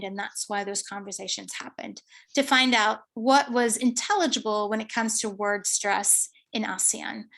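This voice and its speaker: Higher-pitched woman presenting her research. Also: fairly bright tone. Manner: explanatory, with frequent um fillers. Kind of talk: academic conference presentation.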